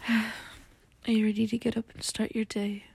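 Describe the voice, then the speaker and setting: A woman in a whispered role-play, talking gently and soothingly to the listener as a comforting companion with a gruff morning voice. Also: fairly high pitch, level tone, a little slow.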